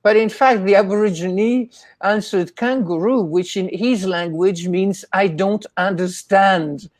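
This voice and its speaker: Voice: mid-range voice, measured pace, a little mellow, no room sound. A guest in a casual interview, telling rambling anecdotes and acting out the voices of people in the stories. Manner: acts out quoted voices.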